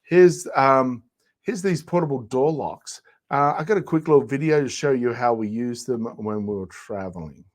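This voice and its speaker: A man's voice: mid-range voice, moderate pace, poor audio. Man demoing products step by step. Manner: walks through features step by step. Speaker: live shopping show host. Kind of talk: product demonstration.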